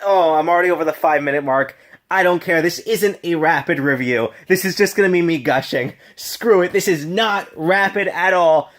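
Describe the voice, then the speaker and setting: A man's voice: fairly high pitch, normal speed, a bit bright. A tipsy man casually reviewing a film on his vlog, gushing and rambling with many restarts and laughs.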